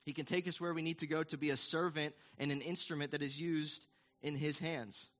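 Male pastor, sermon, earnest and emphatic, slightly high voice, rhetorical questions. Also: fairly even intonation, fairly quick, a bit bright.

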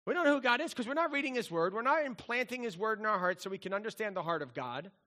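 A middle-aged pastor preaches a sermon in a conversational, animated style, often acting out the voices he quotes. His voice sits high and moves at a quick pace.

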